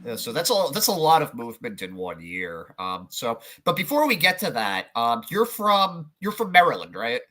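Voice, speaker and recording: A man's voice: mid-range voice, sing-song, moderate pace, few pauses, pushed and bright. A man hosting a sports podcast, chatting casually with a guest, with lots of fillers and restarts. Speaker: podcast host. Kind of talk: casual interview chat.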